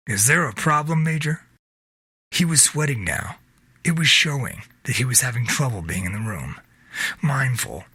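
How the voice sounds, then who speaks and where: Guy narrating an audiobook story, raspy bright voice, lots of pitch movement, dry sound. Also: no room sound.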